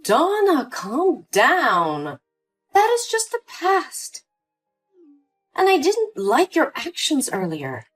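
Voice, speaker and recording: Casting: a woman playing a cold, manipulative older mother, lower and lively-voiced, with faint music behind. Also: slow pace, exaggerated voice. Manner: sweet at first, then cold and dismissive. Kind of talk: scripted story voice acting.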